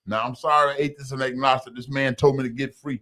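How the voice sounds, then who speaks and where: A man's voice: mid-range voice, flat delivery, fairly quick, pushed and bright. A man in his fifties telling his recovery story like a preacher, acting out quotes with folksy slang and laughs. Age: 50s. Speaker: guest sharing recovery story.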